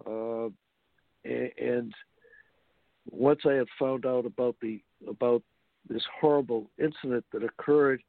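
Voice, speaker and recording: Author guy on a phone line, gravelly, keeps restarting his sentences. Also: medium pitch, steady tone, dry recording. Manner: halting, many fillers and restarts. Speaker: author guest. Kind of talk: interview. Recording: tinny phone-like line, dry.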